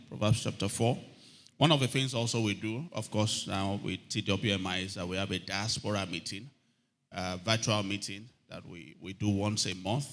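A male pastor preaching a sermon in a low-pitched, bright and forceful voice. He calls for amens from the congregation and lifts his voice to read scripture with growing emphasis. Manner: reads scripture aloud with rising emphasis.

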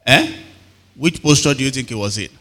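Brief: Nigerian male pastor, bright forceful voice, engaging congregation with frequent questions, long hall reverb. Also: medium pitch, lively intonation, a little fast. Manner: call-and-response questions to the congregation. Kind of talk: sermon.

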